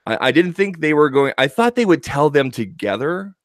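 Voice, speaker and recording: A man's voice: fairly high pitch, very animated, normal speed, no room sound, clean studio sound. A man from Canada chatting casually on a livestream, acting out quotes in funny voices. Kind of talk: casual chat.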